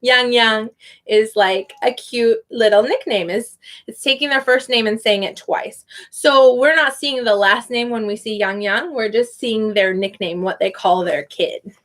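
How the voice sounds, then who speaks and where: A young woman teaching in a relaxed, chatty way, saying each name slowly and carefully so the listener can follow. Her voice sits a little high for a woman, and she takes her time between phrases. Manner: slow, careful, drawn-out name pronunciation. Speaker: online English teacher. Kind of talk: casual live teaching chat.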